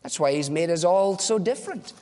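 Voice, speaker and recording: A man's voice: high voice, lively intonation, brisk, darkish tone, big-room sound. A man preaching a sermon as a pastor, earnest and direct, asking and answering rhetorical questions.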